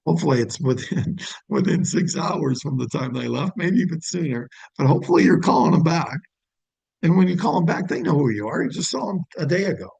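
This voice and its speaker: Gravelly, husky-voiced male sales trainer. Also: a little high, lively intonation, fairly quick, a little mellow, no echo, rough recording. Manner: demonstrates phone greetings in an upbeat voice.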